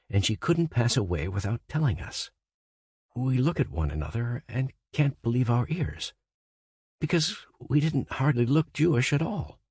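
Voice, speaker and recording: A man reading a literary story aloud as a first-person monologue. He speaks in a measured, conversational way and then rises into sudden emphatic questions. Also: on the low side, a little mellow, breathy edge, no room sound, clean studio sound. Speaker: audiobook narrator. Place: studio booth. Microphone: close studio mic.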